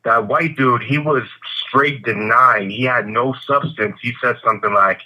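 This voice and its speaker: A man calling into a talk show to give supportive comments in a relaxed manner. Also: medium pitch, measured pace, lo-fi sound. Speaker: caller. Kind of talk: phone-in comment.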